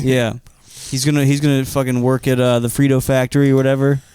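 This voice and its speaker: Smooth-voiced man cohosting a comedy podcast. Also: medium pitch, flat delivery, fast, darkish tone, no room sound. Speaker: podcast co-host. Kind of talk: casual comedy chat.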